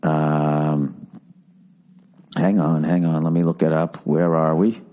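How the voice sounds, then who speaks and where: A man in his forties hosting a podcast alone, rambling through a comic story with heavy swearing and sudden shrill put-on voices for the people he quotes. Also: level tone, takes it slowly, warm tone. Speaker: podcast host. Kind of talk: rambling comedic monologue.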